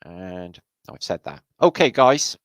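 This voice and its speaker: A Welsh man chats on a livestream, reeling off viewers' names with loose, joking, sweary banter. His pitch rises and falls in a lively way as he talks. The sound is dry and close to the mic. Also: unhurried, no room sound. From Wales. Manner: chatty, swears freely, jokey banter. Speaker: livestream host. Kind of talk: casual livestream chat greeting viewers.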